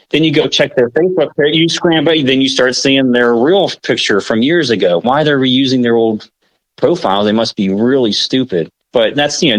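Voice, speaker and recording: An American man co-hosts a podcast with a mid-range voice, no echo, and rough recording quality. In casual chat he rambles, corrects himself, and uses lots of filler.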